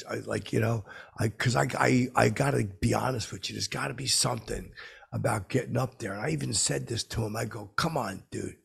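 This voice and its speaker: A man's voice: lowish voice, gravelly, a bit bright, husky. A man hosting a comedy podcast, telling a rambling, boastful story as a clueless character.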